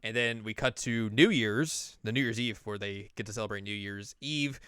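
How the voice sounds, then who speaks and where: A man hosting a podcast chats in a relaxed way, recapping an anime and acting out its scenes. His voice is smooth and clear at a middle pitch, heard dry and close to the mic. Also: moderate pace, no echo. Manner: chatty, acts out the scenes he recaps. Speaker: podcast host. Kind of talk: casual chat recapping an anime.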